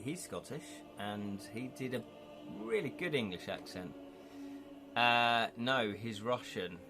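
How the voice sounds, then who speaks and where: A man's voice: mid-range voice, a bit bright. A man chatting casually on a live stream, rambling a little and reading out viewer comments, from the United Kingdom. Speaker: streamer and illustrator.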